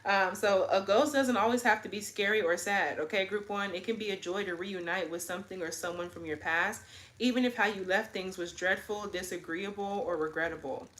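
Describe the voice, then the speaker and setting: A woman's voice: mid-range voice, a little fast, a bit bright. A woman in her twenties giving a casual pick-a-card tarot reading, chatty and slangy, tagging nearly every line with "okay?". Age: 20s. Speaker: tarot reader.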